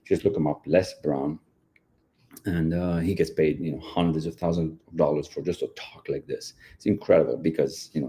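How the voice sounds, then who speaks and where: A man's voice: deep voice, dark tone. A man giving an earnest motivational talk, repeating key phrases and speaking straight to the listener. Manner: earnest, repetitive, addresses listener directly.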